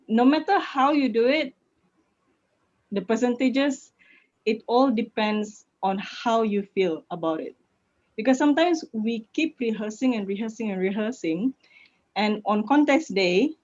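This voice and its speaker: A woman with a Malaysian accent, a public speaking coach answering questions in an online session, lively and laughing easily. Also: a little high. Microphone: video call. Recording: lo-fi video call audio.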